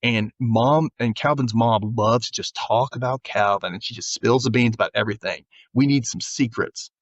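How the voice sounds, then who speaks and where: A man hosts a casual podcast, retelling scenes with lively energy and slipping into characters' lines. His voice sits in a middle register. The sound is dry and a little dull. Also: mid-range voice, normal speed, dry recording. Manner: animated retelling, often acting out characters' lines. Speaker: podcast host. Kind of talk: casual recap chat.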